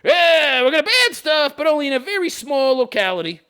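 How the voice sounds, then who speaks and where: A man's voice: a little high, expressive, fairly quick, fairly bright tone. A man mimicking a smug, self-righteous activist in a mocking, sing-song tone.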